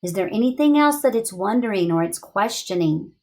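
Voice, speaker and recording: A woman teaching young children in a read-aloud lesson, asking questions in an expressive, encouraging way. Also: medium pitch, brisk.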